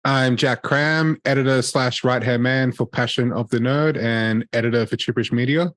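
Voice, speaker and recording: A man's voice: mid-range voice, normal speed, no room sound, clean studio sound. A man co-hosting a podcast, chatting casually and laughing as he works out a pun. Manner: animated, laughing, a bit confused. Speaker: podcast co-host. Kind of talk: casual chat.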